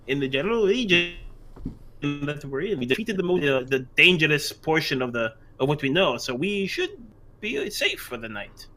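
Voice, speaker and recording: A man playing a tabletop game, excitable, stumbling over words and swearing. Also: a little high, moderate pace, faint music behind. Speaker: player. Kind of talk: casual tabletop game chat.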